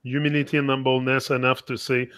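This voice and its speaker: A man hosting a casual conversation who speaks in halting phrasing with many fillers. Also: mid-range voice, level tone, fairly bright tone, smooth, no echo, studio quality. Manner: halting non-native phrasing, frequent fillers. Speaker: host.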